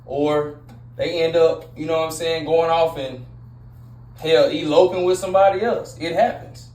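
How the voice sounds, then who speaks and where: A man's voice: a little high, steady tone, normal speed, a little mellow. Blunt preachy man, echoey room. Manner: blunt, preachy, repetitive, street slang. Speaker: relationship advice host. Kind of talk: casual monologue. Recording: echoey room with faint noise.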